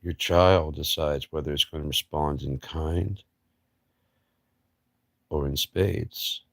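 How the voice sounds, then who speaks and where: A man with a very deep, slightly bright voice hosts a livestream, speaking slowly with fairly even intonation. He rambles through a blunt, profane philosophical monologue stuffed with rhetorical questions and mocking asides. The recording is dry and clean, studio quality.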